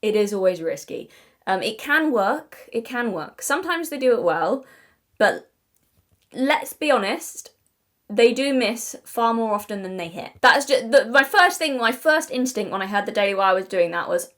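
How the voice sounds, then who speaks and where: A woman's voice: on the high side, expressive, moderate pace, a bit bright. A young British woman giving casual commentary to camera, chatty and digressive, often apologizing, and emphatic and exasperated at times. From Britain. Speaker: video essayist.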